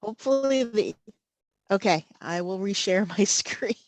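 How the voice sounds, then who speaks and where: A woman presenting a live safety training webinar over a video call, slow and halting, often pausing to check in with "okay". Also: mid-range voice, expressive, darkish tone, dry recording. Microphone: computer mic over video call.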